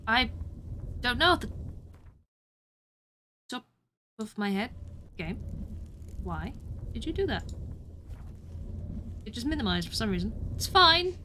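A woman's voice: fairly high pitch, very animated, slow pace, long pauses, a bit bright, slight background noise. A British woman streaming a video game, chatting playfully with viewers and cheering herself on through fights. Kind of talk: casual gameplay commentary.

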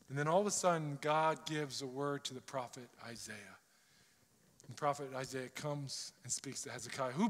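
Pastor, male, bright high voice, emphatic sermon with rhetorical questions, long hall reverb. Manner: emphatic, rhetorical questions, acts out prayers and quotes. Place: church sanctuary.

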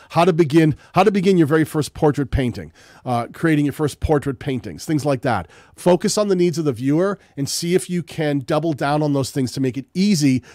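A man's voice: a little high, darkish tone, no room sound, studio quality. A man hosting a live stream, giving blunt, direct advice with lots of "um"s while losing his voice from illness. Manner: direct, blunt coaching with many "um"s. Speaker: live stream host reviewing viewers' channels. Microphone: streaming setup mic.

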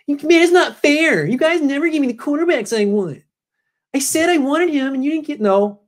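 A man putting on the voice of a childish grown man whining that things aren't fair, in a high, drawn-out, whiny voice. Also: expressive.

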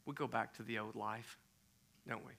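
A man's voice: mid-range voice, moderate pace, gravelly. A middle-aged man preaching a sermon as a pastor, retelling a story animatedly and dropping to near-whispers for effect. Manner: animated, swinging from loud emphasis to near-whispers.

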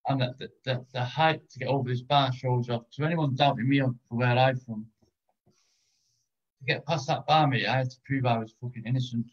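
A man's voice: medium pitch, fairly even intonation, brisk, highs cut off. A British man speaking as a guest in a casual interview, blunt and frustrated, swearing often. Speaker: guest, ex-convict.

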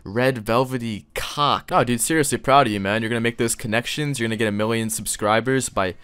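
A young man doing comedic reaction commentary, crude and loud, breaking into mock outrage and sudden yelps. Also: medium pitch, brisk, clear, resonant tone, dry recording. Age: young adult. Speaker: YouTube commentator.

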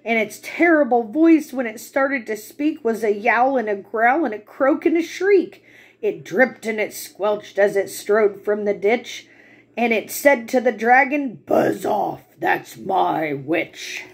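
Slow, breathy woman reading a picture book. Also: a little high. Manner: slow and expressive, pauses to ask the listener questions. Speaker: storyteller reading to children.

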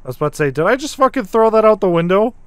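Man, streamer, horror game commentary, slightly high voice, dry close sound, swears a lot, startled exclamations. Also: very animated, rapid-fire, clear, resonant tone, dry recording. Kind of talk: casual live-stream commentary while playing a horror game.

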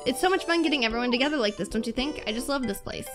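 A woman's voice: high-pitched, lively intonation, racing, music in the background. A woman reading the lines of a cheerful female cat villager aloud from a game's dialogue boxes.

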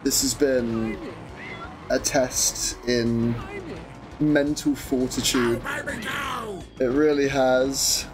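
A young man commentating his own live game stream, excitable, swearing and chatting to viewers over game music. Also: medium pitch, drawn-out words, pauses often.

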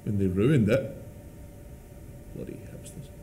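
A man's voice: lowish voice, slow, mellow, slight background noise. A man giving a dry, earnest, mock-serious documentary interview about his beard.

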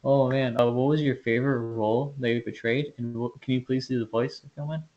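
A man's voice: mid-range voice, steady tone, a little fast, a little mellow, muffled recording. A man hosting a casual interview, asking questions in a hesitant, fan-like way. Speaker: podcast host.

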